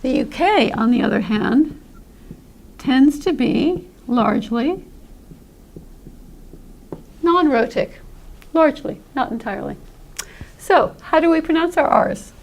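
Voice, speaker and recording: A woman with a high, gravelly voice teaches pronunciation. She explains patiently and says sample sounds aloud for learners to copy. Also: animated, slow pace, pauses often. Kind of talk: classroom-style explanation.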